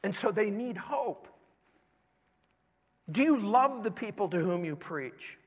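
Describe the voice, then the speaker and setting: Pastor, man, earnest sermon, slow and deliberate, high voice, long hall echo. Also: expressive. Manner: earnest preaching, pleading rhetorical questions.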